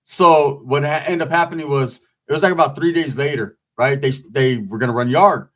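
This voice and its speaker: A man's voice: mid-range voice, fairly quick. A man casually telling a long story in streetwise, profane talk, acting out the quotes as he goes. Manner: streetwise, profane, animated retelling with acted quotes. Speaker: storyteller recounting prison life.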